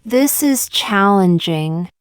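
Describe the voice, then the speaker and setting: A woman reading short example sentences one by one for English learners, in a slow, deliberate, evenly paced way. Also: mid-range voice, lively intonation, clear, resonant tone, dry recording, clean studio sound. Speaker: English teacher.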